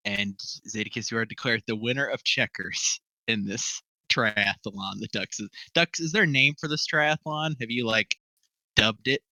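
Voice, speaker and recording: A man's voice: medium pitch, normal speed, pushed and bright, no echo, poor audio. A man narrating a tabletop game as game master, rambling with lots of fillers and laughing often.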